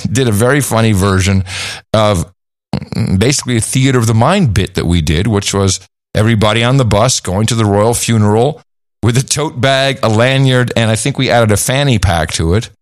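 Animated and speaking at normal speed, this mid-range male podcast co-host chats casually. The studio-quality recording has no room sound, and he wanders a bit with filler words.

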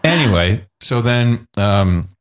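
A man's voice: lowish voice, takes it slowly. Middle aged guy telling stories on his podcast, voice jumps all over, acts out what people said. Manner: animated anecdotes, acts out quoted voices. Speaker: podcast host. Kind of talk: casual storytelling chat.

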